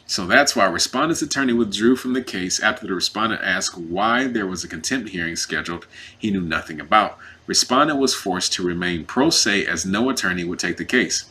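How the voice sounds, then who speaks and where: A man who is representing himself in a custody case tells his story in a casual, animated and indignant way, acting out what others said. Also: deep voice, brisk, breathy edge. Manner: emphatic, indignant.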